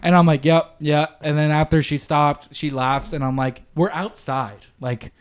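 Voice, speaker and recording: A young man with a slightly higher voice rambles through a story on a casual podcast. He swears freely and slips into little acted-out quotes along the way. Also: steady tone, normal speed, smooth. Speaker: podcast co-host.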